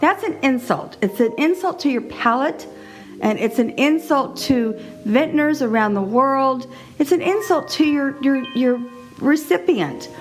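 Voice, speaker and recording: A middle-aged woman hosting her own podcast, talking in a chatty, animated way and laughing often. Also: high-pitched, unhurried, soft background music. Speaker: podcast host. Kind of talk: casual solo podcast monologue.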